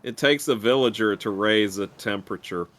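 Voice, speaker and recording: A man's voice: lowish voice, moderate pace, a bit bright, a little hiss or hum. A man hosting a live game stream, chatting casually and joking around. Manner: playful, jokey. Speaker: streamer host. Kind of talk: casual chat over gameplay.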